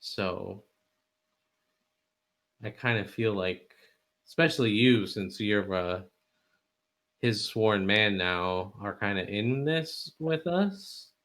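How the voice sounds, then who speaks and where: Guy doing a grim revenge-minded woman fighter, slow and lowish. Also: lively intonation, fairly bright tone, heavily acted. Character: grim young woman warrior seeking revenge.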